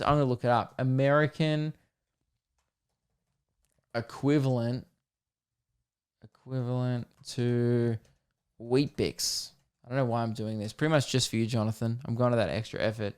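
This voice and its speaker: Rambling Australian man, smooth voice. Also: mid-range voice. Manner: rambling, jokey, swears casually. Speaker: podcast host. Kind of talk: casual solo podcast chat.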